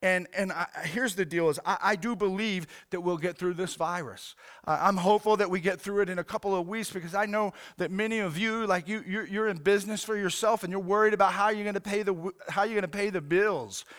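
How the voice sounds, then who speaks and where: A male pastor giving an earnest sermon, halting and repeating himself, often saying "man". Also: high-pitched, a bit bright.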